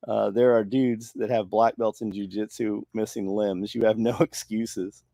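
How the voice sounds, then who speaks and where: A man's voice: on the low side, little pitch movement, a little slow, creaky, mellow, dry recording, studio quality. A man hosting a casual podcast, blunt and profane as he reads out viewer comments. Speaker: podcast host. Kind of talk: casual chat, reading comments.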